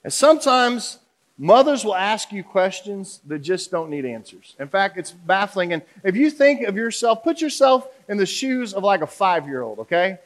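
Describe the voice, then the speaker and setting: High-voiced joking male pastor. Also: sing-song, normal speed. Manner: humorous, conversational, audience questions. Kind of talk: sermon.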